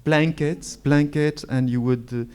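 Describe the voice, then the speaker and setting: With a slightly high, smooth and mellow voice and fairly even intonation, a Moroccan author in his forties tells reflective stories at a literary event. He grew up speaking Moroccan Arabic and talks slowly, often stopping, restarting and feeling for words.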